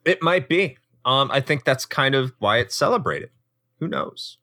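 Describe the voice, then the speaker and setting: Bright, lively man co-hosting a podcast. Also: mid-range voice, measured pace, no room sound, studio quality. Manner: playful, rambling storyteller. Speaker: podcast co-host. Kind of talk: casual podcast chat.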